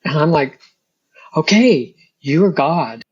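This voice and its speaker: Middle-aged woman guest telling her story all animated, husky voice, kinda dull lo-fi sound. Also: sits low, takes it slowly. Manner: animated storytelling, acting out her own past rants. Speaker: interview guest. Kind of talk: personal testimony in conversation.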